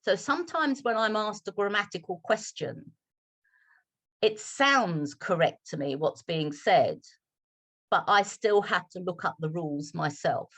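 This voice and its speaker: A British woman English teacher from London, speaking with a polished RP accent in measured, slowed speech on a video call. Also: fairly low pitch, lively intonation, fairly bright tone. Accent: British RP, London roots. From London, England. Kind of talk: online Q&A talk.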